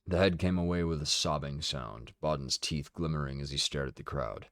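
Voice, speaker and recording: A man streaming a dramatic reading of a novel, steady and deliberate, with casual asides. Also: very deep voice, dry recording, studio quality. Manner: steady, deliberate narration with occasional swearing asides.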